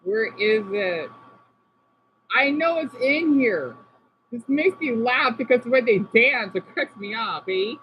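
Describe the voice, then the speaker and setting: A man's voice: very high voice, lively intonation, slow pace. A man chatting casually as a vlogger, reacting to videos with rambling, apologetic, playful asides. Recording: slightly dull, faint background noise.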